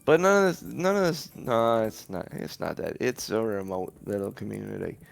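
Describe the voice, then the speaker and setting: A man's voice: on the low side, normal speed, vocal fry, soft background music. A man voicing a big, grumpy male goliath logger who talks in a rambling, rustic backwoods way. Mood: folksy.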